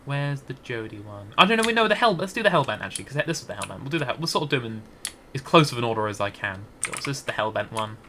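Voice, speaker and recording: A man's voice: mid-range voice, sing-song, very fast, pushed and bright, slight background noise. A Scottish man giving rambling, hesitant gameplay commentary into a desk mic, with many restarts. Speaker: gaming YouTuber.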